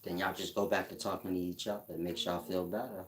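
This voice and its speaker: A man's voice: low-pitched, level tone, fast talker. A man hosting a casual livestream, reading out chat comments and answering them in a blunt, mocking way with frequent laughs. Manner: blunt, mocking, laughs at his own jabs.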